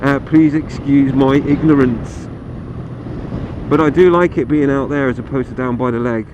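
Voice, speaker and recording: A man's voice: medium pitch, steady tone, normal speed, dull audio. A man chatting casually and self-deprecatingly as he reviews a motorcycle while riding it outdoors, with plenty of ums and uhs. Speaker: motorcycle vlogger reviewing a bike. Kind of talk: casual ride-along review. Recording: loud wind and engine noise.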